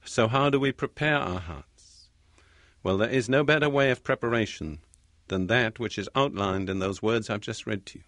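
A man giving a sermon-style teaching talk, speaking slowly and deliberately and repeating key phrases for weight. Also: lowish voice, animated, a bit bright, no room sound, clean studio sound. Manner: measured, slow, deliberate delivery with repeated phrases. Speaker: preacher.

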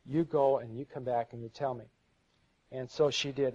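A man's voice: mid-range voice, fairly even intonation, normal speed, darkish tone. Earnest middle-aged man teaching on a dull lo-fi tape. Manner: earnest, storytelling, repeats words when stuck. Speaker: seminar speaker. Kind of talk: live sermon-style teaching with audience questions. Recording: dull lo-fi live recording.

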